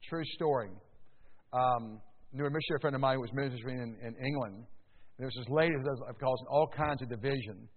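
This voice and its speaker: A male pastor preaching a sermon, with sudden loud rises and slow stressed words. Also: medium pitch. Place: church sanctuary. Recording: echoey hall, tinny phone-like sound.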